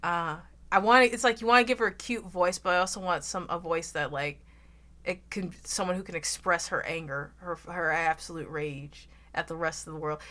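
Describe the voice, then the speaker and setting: A young woman with an American Southern accent, chatting loudly and casually with her stream audience, rambling and swearing freely. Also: fairly even intonation, normal speed. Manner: loud, rambling, swears freely, bursts into shrill laughs. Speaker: VTuber streamer.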